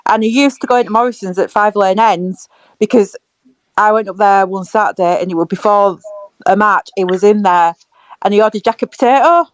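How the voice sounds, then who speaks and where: Woman, giggly fan-podcast co-host, mid pitch, dry close recording. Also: brisk, dry recording. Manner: giggly, chatty storyteller. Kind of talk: casual fan chat.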